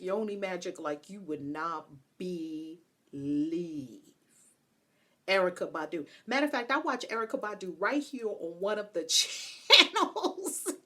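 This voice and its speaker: Woman vlog host, playful and chatty, pitch swings widely, laughs easily. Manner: playful, animated, laughs often, chatty asides. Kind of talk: casual talk to camera.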